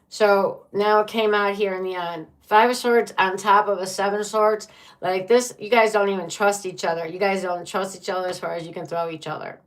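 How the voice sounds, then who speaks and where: A woman's voice: mid-range voice, steady tone, brisk. A woman giving a tarot reading to viewers, blunt and profane, with dramatic reactions to the cards. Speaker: tarot reader.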